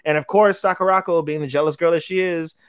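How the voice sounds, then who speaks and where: Male podcast co-host, animated storyteller who acts out the dialogue, slightly high voice, dry sound. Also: clear, resonant tone, no echo. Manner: animated retelling, acting out character lines with quick voice jumps. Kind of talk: casual anime recap chat.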